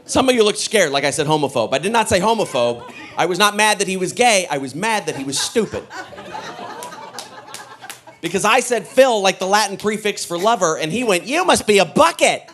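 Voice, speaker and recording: A man performing a stand-up comedy set with a punchy, animated delivery, often slipping into character voices. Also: high-pitched, brisk, some chatter behind. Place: comedy stage before a laughing audience.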